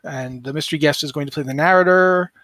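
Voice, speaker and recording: A man's voice: fairly high pitch, fast, a bit bright, no room sound. Chatty man with a dry close sound. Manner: rambling, self-correcting, apologetic about names. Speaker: podcast co-host. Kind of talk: casual podcast chat.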